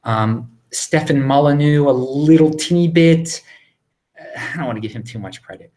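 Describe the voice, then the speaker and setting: A man in his thirties from Baltimore, hosting a casual live Q&A at home, rambling and excitable with many restarts. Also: a little high, moderate pace. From Baltimore, USA. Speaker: livestream host answering viewer questions. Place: home, indoors.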